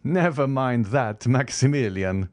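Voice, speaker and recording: A man voicing the Count of Monte Cristo, a proud, secretive nobleman, speaking in a courtly, gently ironic way. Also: mid-range voice, big pitch swings, measured pace, no room sound, studio quality. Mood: amused. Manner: courtly and gently ironic, raised above the narration. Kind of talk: audiobook character reading.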